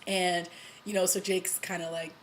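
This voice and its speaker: A woman vlogger recapping a TV episode in a casual, excited way, with lots of "you know" and little laughs. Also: lowish voice, moderate pace, slight background noise, poor audio. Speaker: TV review vlogger.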